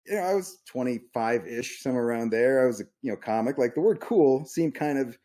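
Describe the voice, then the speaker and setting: Brief: man, 30s, comic on a podcast, rambling self-deprecating storyteller, mid-pitched voice. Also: dark tone. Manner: rambling, self-mocking, quick asides. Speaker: podcast co-host, comedian. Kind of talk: casual storytelling chat.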